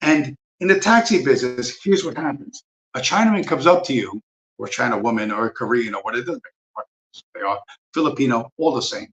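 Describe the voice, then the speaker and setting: A man's voice: mid-range voice, expressive, fairly quick, fairly bright tone, poor audio. Man ranting profanely on a livestream. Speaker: livestream host. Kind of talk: livestream rant.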